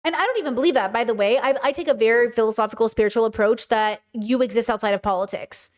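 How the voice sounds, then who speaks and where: A woman from Southern California hosting her podcast, delivering blunt, fast commentary that slips into swearing rants. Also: on the high side. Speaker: podcast host. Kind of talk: casual commentary.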